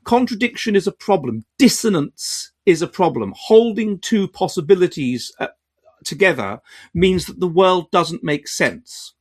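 A man hosting an educational video, explaining in a measured, lecturing way with restarts and quiet asides. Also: sits high. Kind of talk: explanatory talk to camera.

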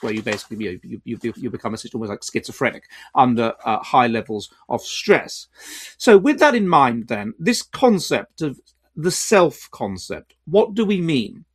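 A man hosting an educational video, explaining in a measured, lecturing way with restarts and quiet asides. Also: a little high. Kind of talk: explanatory talk to camera.

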